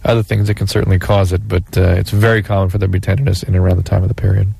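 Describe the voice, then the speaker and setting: A man hosting a call-in radio show, giving calm, matter-of-fact advice to callers. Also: sits low, rapid-fire, creaky, breathy edge, dry recording.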